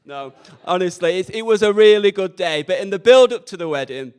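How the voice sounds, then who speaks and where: A man's voice: high voice, expressive, fairly quick, a little mellow, smooth. A young man, doing cheeky, camp, self-deprecating stand-up at an open mic night. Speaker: stand-up comedian. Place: community radio open mic event.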